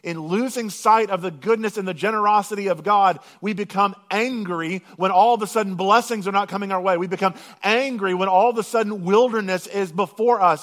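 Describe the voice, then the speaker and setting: A man preaching a sermon, swinging from loud, drawn-out proclamation to hushed intensity and slowing right down on scripture lines. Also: high-pitched. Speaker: pastor.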